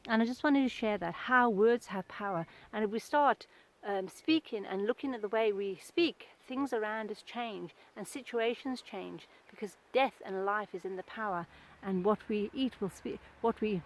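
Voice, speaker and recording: A woman's voice: mid-range voice, moderate pace, poor audio. A middle-aged woman giving an informal devotional talk, earnest and conversational, telling everyday anecdotes.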